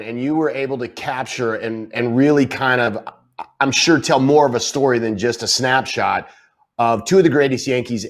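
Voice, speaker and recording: A man hosting a casual interview podcast, asking questions with a sports fan's enthusiasm. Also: mid-range voice. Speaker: podcast host.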